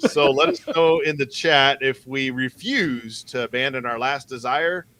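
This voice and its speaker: Upbeat, bright male co-host, directing the group, dry close sound. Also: medium pitch, measured pace, dry recording. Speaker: podcast co-host running the gamebook. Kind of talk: casual podcast chat.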